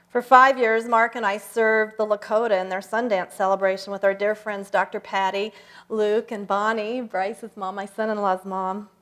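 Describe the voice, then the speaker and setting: An older woman giving a personal talk at a church service, telling stories reflectively with slow, emphatic pauses. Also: medium pitch. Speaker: guest speaker. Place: church sanctuary.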